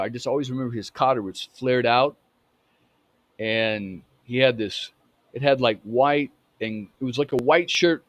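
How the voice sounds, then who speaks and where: A man in his fifties telling a personal story in a halting way, with many restarts. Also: mid-range voice, a bit bright, no room sound. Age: 50s. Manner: halting, full of restarts and fillers. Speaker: storyteller recounting a memory.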